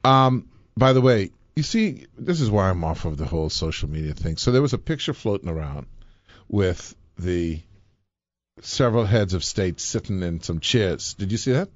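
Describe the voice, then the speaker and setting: A man's voice: sits low, very animated, moderate pace, no room sound, muffled recording. A man hosting a live talk show, rambling and joking with many restarts. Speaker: host. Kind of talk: casual banter on a live show.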